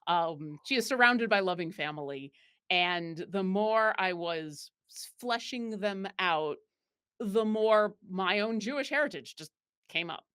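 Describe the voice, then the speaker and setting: A woman's voice: mid-range voice, animated, unhurried, a bit bright, smooth. Woman, guest in a chat, rambling, fillers and restarts, easy laugh. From Buffalo, New York. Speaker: guest player. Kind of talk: casual interview chat.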